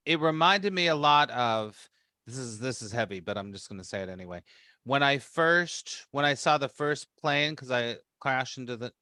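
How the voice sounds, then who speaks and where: A man leading a spiritual meeting, telling a personal story in a rambling, animated way, acting out his own reactions. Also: medium pitch, no echo, studio quality. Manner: rambling with frequent restarts. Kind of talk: casual storytelling to a group.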